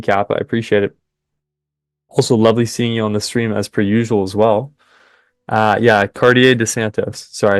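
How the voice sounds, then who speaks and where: Excitable man calling live trades. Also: mid-range voice, dry recording, studio quality. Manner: excitable, chatty, cheers at the market. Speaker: live trading stream host. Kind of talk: live trading commentary with chat.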